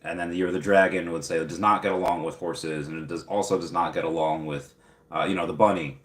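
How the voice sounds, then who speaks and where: A young man with a very low voice chats loosely on a livestream, rambling and packing his talk with fillers as he answers viewers. His voice carries a roomy echo off the walls around him. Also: fairly even intonation, quick pace, fairly bright tone. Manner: rambling, filler-heavy, upbeat. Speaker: livestream host. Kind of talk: casual live chat reading viewer comments.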